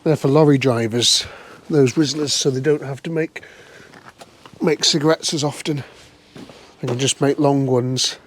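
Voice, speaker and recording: A man's voice: medium pitch, steady tone, unhurried, long pauses, a little hiss or hum. A man giving chatty, wry running commentary to camera as he looks over an old car in a cold scrapyard. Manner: chatty, wry, muttering to himself. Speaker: vlog host.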